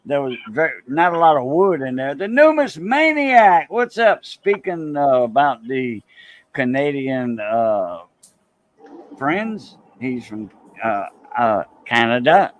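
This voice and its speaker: A man's voice: medium pitch, very animated, slow pace. A man in casual livestream chat, rambling and hesitant, often correcting himself mid-sentence.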